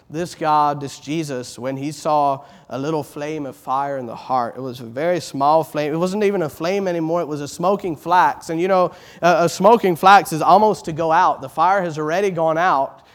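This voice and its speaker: Earnest middle-aged preacher guy, voice a bit on the high side, builds with repeated words, goes loud then soft. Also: moderate pace, few pauses. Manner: swells loud on exalted phrases, drops soft on tender ones. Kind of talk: sermon.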